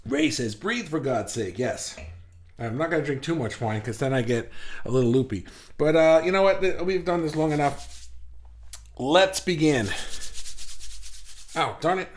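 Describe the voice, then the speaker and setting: A man hosting a casual live stream, talking quickly and a little out of breath, chatting with viewers and reading their comments aloud. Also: on the high side. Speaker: host of an online art group livestream.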